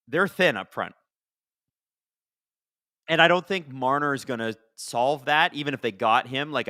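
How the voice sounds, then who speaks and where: A man hosting a live watch-along of a hockey game, chatting casually and reacting excitedly to the plays. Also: medium pitch, smooth, no echo, studio quality. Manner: chatty, excitable, swears casually, talks to chat. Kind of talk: casual live-stream commentary.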